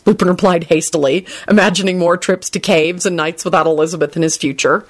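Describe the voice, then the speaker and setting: A woman reading a fan story aloud with expressive, brisk storytelling. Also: low-pitched. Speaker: reader.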